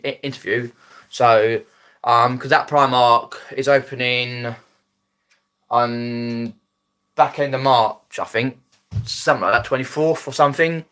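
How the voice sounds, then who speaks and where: A man with a South East English Mockney accent talks off the cuff to his live stream viewers. His voice is mid-pitched and bright, with a forward edge. He rambles, stumbles and restarts, dropping his aitches as he goes. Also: smooth. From Epsom, Surrey, England. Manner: rambling, hesitant, many ums and restarts, laughs often. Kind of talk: casual live stream chat. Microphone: phone.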